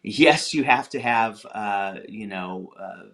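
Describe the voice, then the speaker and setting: A man's voice: on the low side, slow, background noise. A man, a film director guest, talking earnestly and encouragingly about his career in an interview. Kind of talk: casual interview chat.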